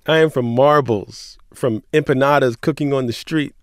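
A man co-hosting a radio show, reading poetry lines in an earnest, measured voice with a middle pitch. The recording is dry and close. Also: no echo. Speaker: radio co-host.

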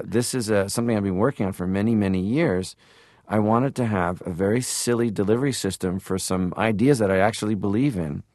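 Low-voiced storytelling man. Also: a little mellow, no echo, clean studio sound. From Canada. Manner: storytelling, slips into playful impressions. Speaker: actor and filmmaker guest. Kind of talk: reflective interview conversation.

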